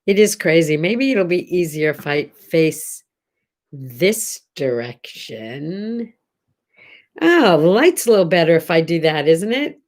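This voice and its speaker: A woman hosts her morning video from a room in her house, speaking in an unhurried way. Her voice sits a little low for a woman. She chats with her viewers in an encouraging tone and keeps asking them questions. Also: very animated, darkish tone. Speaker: host. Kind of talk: casual morning vlog talk. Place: home room at a desk.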